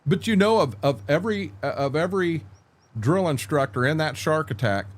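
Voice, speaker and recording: An older American man with a fairly high voice and moderate pace streams a game while telling salty army stories. His war-story telling is casual, animated, and profane.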